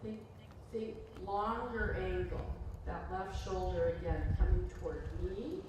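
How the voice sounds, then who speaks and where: Woman, dressage riding instructor, encouraging, unhurried, far from the mic, noisy arena. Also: on the low side. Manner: encouraging, calls out instructions and praise. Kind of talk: coaching a riding lesson. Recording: echoey, distant, noisy. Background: horse hoofbeats.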